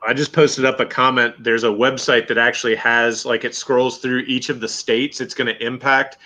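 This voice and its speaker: A man's voice: medium pitch, level tone, moderate pace, pushed and bright. A man from Michigan in casual, rambling chat as co-host, swearing now and then.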